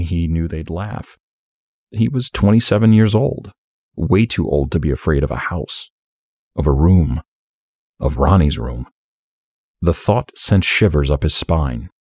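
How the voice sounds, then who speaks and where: A man narrating an audiobook story in a steady, measured way. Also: rumbling low, slightly rough, dry recording, studio quality.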